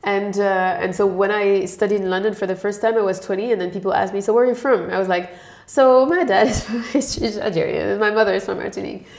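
A woman's voice: medium pitch, little pitch movement, fast talker, gravelly, hardly any pauses, darkish tone. A woman from France, answering interview questions in a thoughtful, explanatory way. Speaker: guest expert. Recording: echoey room.

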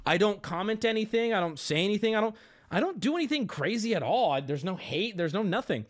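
A man's voice: sits high, animated, fast. A man livestreaming an exasperated, profane and self-mocking rant to his viewers, breaking into bursts of laughter. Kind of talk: ranting stream monologue.

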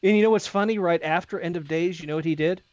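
A man's voice: a little high, fast, a little mellow, dry recording, dull audio. A man co-hosting a podcast, rambling through crude jokes and laughing often in casual banter. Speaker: podcast co-host.

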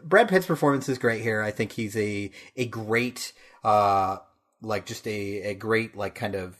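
A man's voice: lowish voice, unhurried, fairly bright tone. A man co-hosting a film podcast, talking casually, swearing freely and laughing between his points. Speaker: podcast co-host.

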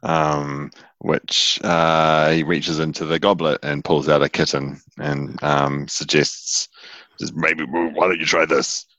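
A man's voice: a bass voice, level tone, slow pace, bright, forceful tone, no echo. A man playing a tabletop game in character, rambling and playful. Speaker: player.

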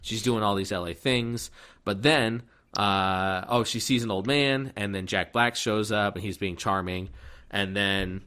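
A man with a fairly low voice chats loosely through a movie's plot. He circles back, restarts his sentences and drops in quick impressions of the characters. The tone is relaxed, like friends talking. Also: clean tone. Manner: rambling, many fillers and restarts, acts out characters' lines. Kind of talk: casual movie recap chat.

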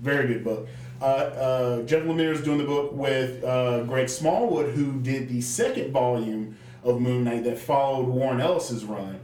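A man's voice: mid-range voice, measured pace, darkish tone, distant mic. A man co-hosting a casual comic book podcast, rambling with lots of fillers and restarts. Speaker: podcast co-host. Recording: echoey room, off-mic, faint noise.

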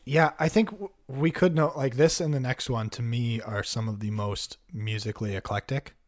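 A man of middle pitch talks through songs in an easygoing chat. He hesitates and hunts for words, then slips in dry jokes. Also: fairly even intonation, normal speed. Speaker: podcast co-host. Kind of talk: casual music review chat.

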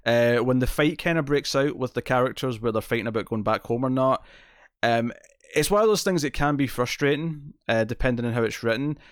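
A Scottish man in easy podcast conversation, with a steady middle pitch. He rambles a little, restarts sentences and laughs along the way. The sound is dry and close. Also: brisk, smooth, dry recording. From Scotland. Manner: chatty, self-interrupting, laughs often. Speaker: podcast co-host. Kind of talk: casual chat.

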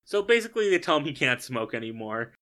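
Male co-host, bright clear tone, casual and incredulous movie-recap chatter. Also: medium pitch, quick pace. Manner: animated, incredulous, swears casually. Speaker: podcast co-host.

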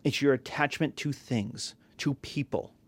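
A man's voice: mid-range voice, measured pace, husky. A man teaching a class, talking casually with rhetorical questions and acted-out quotes. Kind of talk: classroom lecture.

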